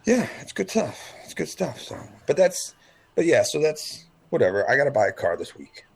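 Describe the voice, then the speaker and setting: A man's voice: fairly high pitch, sing-song, moderate pace, gravelly, slightly rough. A man co-hosting a casual podcast chat, telling rambling, profane stories and mimicking the people in them. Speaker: podcast co-host.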